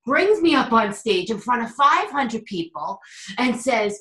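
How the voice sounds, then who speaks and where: Animated woman storyteller in an echoey room. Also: medium pitch, normal speed. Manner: animated, acts out quotes, many fillers and restarts. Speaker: guest, psychic medium and teacher. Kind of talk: casual storytelling interview. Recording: roomy echo.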